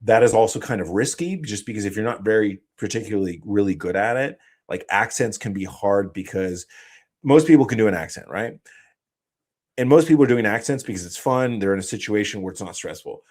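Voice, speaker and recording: A man's voice: fairly low pitch, brisk, darkish tone. A man hosting a live stream, explaining things in a loose, casual way with many fillers and restarts. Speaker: host.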